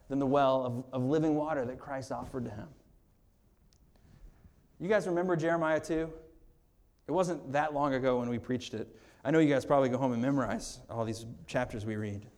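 A male pastor giving a sermon in a conversational way, with humorous asides and laughs, growing quiet and earnest on serious points. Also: mid-range voice.

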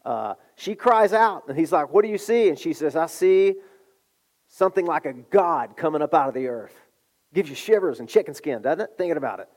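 A middle-aged man preaching a sermon, telling a story with animated delivery and acting out the voices. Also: a little high, a little fast. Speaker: pastor.

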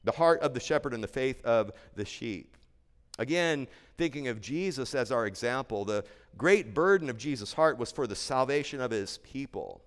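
A man's voice: medium pitch, animated, normal speed. A male pastor preaching an expository sermon in a church sanctuary, earnest and emphatic, repeating key phrases for weight. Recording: long church-hall reverb.

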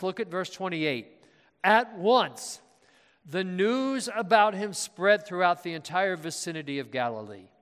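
A man's voice: high voice, fairly bright tone. A man preaching a sermon as pastor, asking his congregation questions and leaning hard on key words. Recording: long reverb of a large hall.

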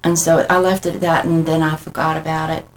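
A middle-aged woman, a guest, telling her personal faith story in an earnest, halting, heartfelt way. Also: deep voice, little pitch movement, slight background noise, poor audio.

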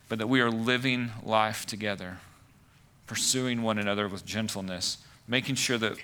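A man's voice: medium pitch, pushed and bright. A man preaching a conversational sermon as pastor, full of "like" and "right" asides.

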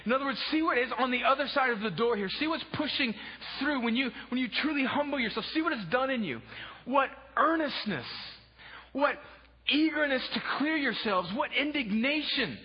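Male pastor, very high voice, husky, impassioned sermon, hushed to shouting, long hall reverb, dull lo-fi sound. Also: animated, normal speed.

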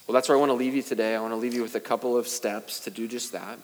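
A man's voice: medium pitch, fairly even intonation, racing. Man preaching in an echoing church. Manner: conversational and self-deprecating, with rising emphasis. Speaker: pastor. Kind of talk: sermon. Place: church sanctuary.

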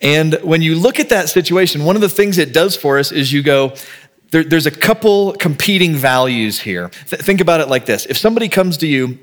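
A man preaching a sermon as a pastor in a relaxed, conversational way, thinking aloud and acting out little bits of dialogue to make his point. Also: fairly high pitch, fairly quick.

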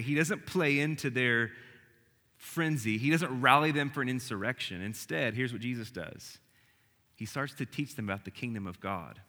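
A man preaching a sermon as pastor, swinging between emphatic, rising lines and hushed, quiet ones. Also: medium pitch, long reverb tail.

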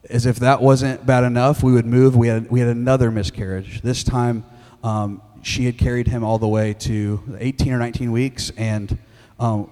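Halting pastor in a reverberant hall. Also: male voice, lowish voice, dark tone. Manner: candid, halting, with many restarts and fillers. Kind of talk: sermon.

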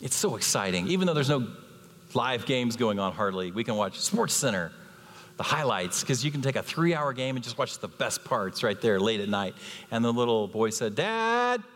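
A man's voice: medium pitch, moderate pace. A man in his fifties preaching a sermon as a guest speaker, telling stories and acting out voices. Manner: animated storytelling with acted-out voices. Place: church sanctuary. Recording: long hall reverb.

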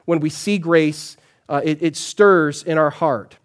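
A man, a pastor, preaching a sermon in a conversational storytelling way, often dropping to a soft, low voice for emphasis. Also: takes it slowly, clear, resonant tone.

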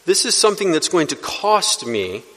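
A man's voice: sits high, very animated, normal speed, a bit bright. A man preaching an expository sermon as pastor, teaching earnestly and lifting his voice to stress key words. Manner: earnest teaching, rising for emphasis. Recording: long reverb of a church hall.

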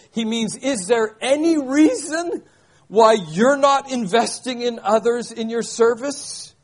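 An older man preaching a sermon, emphatic, repeating key phrases and asking rhetorical questions. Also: sits high. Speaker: pastor.

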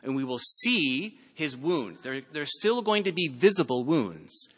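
Bright-voiced male preacher in a reverberant hall. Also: medium pitch, very animated, a little slow, breathy edge. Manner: reads scripture aloud with dramatic emphasis, calls out loudly. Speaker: pastor. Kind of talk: sermon.

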